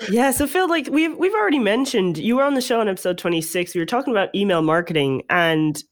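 A woman's voice: medium pitch, expressive, fast. A woman co-hosting a podcast in casual chat, her voice nasal from a cold, laughing often. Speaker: podcast co-host.

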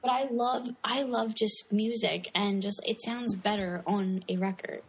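A woman in her twenties co-hosting a casual podcast, telling animated stories full of "like". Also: medium pitch, a little slow, husky, rough recording. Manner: animated storyteller, heavy use of "like". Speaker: podcast co-host.

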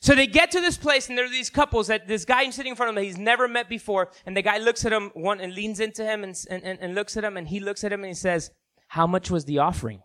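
High, bright-voiced male preacher. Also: fast. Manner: animated storytelling, acts out voices, swings from loud to hushed. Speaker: pastor. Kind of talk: sermon.

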